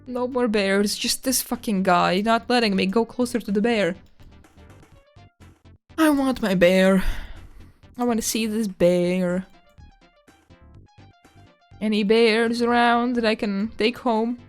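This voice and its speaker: A woman streaming live, chatting casually and excitedly while exploring a map, squealing at animals and swearing now and then. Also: fairly high pitch, takes it slowly, long pauses, faint music behind.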